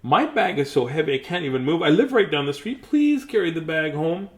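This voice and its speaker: A man's voice: on the high side, big pitch swings, brisk, echoey room, voice pushed up. A man voicing a young boy who trick-or-treats with a scary face, speaking bluntly. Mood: matter-of-fact.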